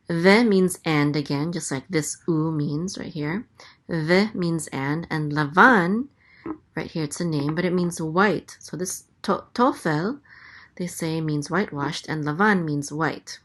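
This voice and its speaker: A woman teaching a casual Biblical Hebrew reading lesson, explaining slowly with many pauses and fillers. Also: low voice, a bit bright. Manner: slow and explanatory, with many fillers and self-corrections.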